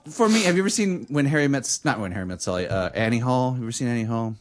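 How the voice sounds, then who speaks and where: A man casually telling a funny story on a podcast, jumping high when he imitates someone. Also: fast talker, few pauses, a little hiss or hum. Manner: animated, shrieks when mimicking his girlfriend. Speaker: podcast co-host.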